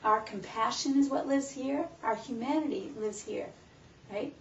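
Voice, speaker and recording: A woman presenting a live stress-management workshop, teaching in an animated way with rhetorical questions. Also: a little high, moderate pace, gravelly, a little hiss or hum. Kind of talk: live talk to a small audience. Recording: roomy, distant, muffled room recording with faint background.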